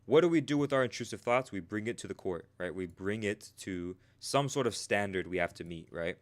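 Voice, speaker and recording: Livestream coach: man, lowish voice, casual and talkative, keeps asking "right?". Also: expressive, brisk. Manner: tags nearly every sentence with "right?"; slangy and talkative, answers chat. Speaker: trading coach streaming live.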